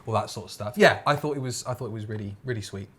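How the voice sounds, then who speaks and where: A man's voice: fairly low pitch, very fast, crowd noise. A man hosting a podcast, chatting casually and steering the talk along. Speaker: podcast host. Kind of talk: casual chat.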